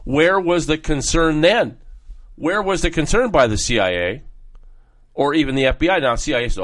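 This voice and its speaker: A man's voice: a little high, animated, normal speed, a bit bright. A middle-aged man hosting a talk show, delivering a rambling, heated political monologue that jumps from topic to topic.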